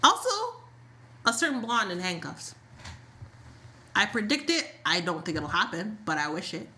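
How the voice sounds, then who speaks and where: A woman co-hosting a casual soap opera podcast, animated, acting out quotes and saying "like" a lot. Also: medium pitch, normal speed. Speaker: podcast co-host.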